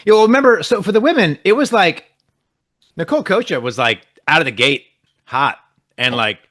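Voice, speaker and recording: A man's voice: a little high, big pitch swings, normal speed, a bit bright, no echo, studio quality. A man co-hosting a podcast in casual chat who has just woken up, rambling, jokey and often cutting himself off mid-sentence. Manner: rambling, self-interrupting, jokey. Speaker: podcast co-host.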